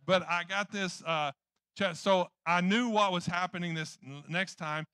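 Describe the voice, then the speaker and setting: A man preaching with a bright, forceful edge and a somewhat high voice. He tells stories animatedly and acts out the lines of the people in them. The sound is close and dry, with no room echo. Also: unhurried, clear, resonant tone. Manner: animated, jokey storyteller acting out his own past lines. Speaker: pastor. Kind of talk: sermon with personal storytelling.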